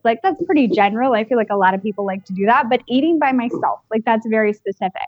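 A woman co-hosting a podcast, telling a personal story in a lively way and acting out the voices she quotes. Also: fairly high pitch, quick pace, hardly any pauses, no echo, highs cut off. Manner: animated, acts out quoted voices. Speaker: podcast co-host. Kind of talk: casual storytelling chat.

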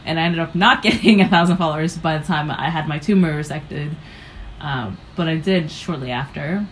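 Low-voiced young woman telling stories casually. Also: moderate pace, a little hiss or hum, poor audio. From United States. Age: young adult. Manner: rambling, filler-heavy, acts out her own past reactions. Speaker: guest, comedian. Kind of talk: casual interview storytelling.

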